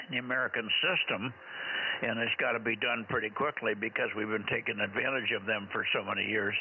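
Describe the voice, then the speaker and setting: A man's voice: fairly low pitch, steady tone, normal speed. A man running a ham radio net, chatting casually and rambling with many fillers. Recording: tinny radio with hiss.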